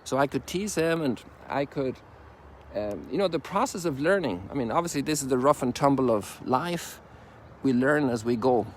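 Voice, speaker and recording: An older Irish priest talks outdoors at a middle pitch, in a loose, rambling, homely way. His informal sermon drifts through folksy asides as he walks, caught on a phone with faint outdoor sound behind. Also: expressive, normal speed, a little hiss or hum. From Ireland. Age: 60s. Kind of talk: informal reflective sermon while walking. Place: outdoors on a sunrise walk.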